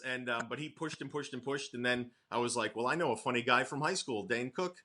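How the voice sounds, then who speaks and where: Bright-voiced middle-aged male comedian. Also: mid-range voice, quick pace, hardly any pauses. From Boston area, USA. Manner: animated anecdotes, acts out quotes, laughs often. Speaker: comedian guest. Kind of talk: casual storytelling chat.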